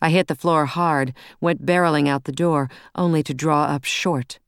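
A woman reading a first-person novel aloud in a brisk, wry, intense storytelling manner, close on a studio mic. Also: deep voice, steady tone, clear, resonant tone, no room sound. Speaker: audiobook narrator.

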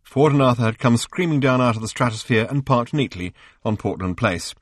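A man reading an audiobook, narrating in an even, wry storytelling manner. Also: medium pitch, a little fast, no room sound, clean studio sound. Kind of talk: scripted narration.

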